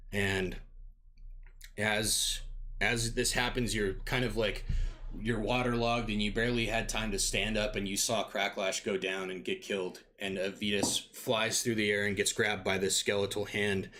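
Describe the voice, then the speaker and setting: A man's voice: lowish voice, pushed and bright. A man narrating as dungeon master in a loose, improvised way, full of fillers and searching for words. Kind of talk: improvised tabletop game narration.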